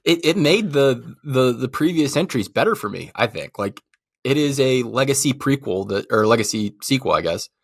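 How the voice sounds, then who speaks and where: A husky-voiced man co-hosting a casual movie podcast, laughing often and agreeing readily. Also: mid-range voice, expressive, normal speed, dry recording, clean studio sound. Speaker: podcast co-host.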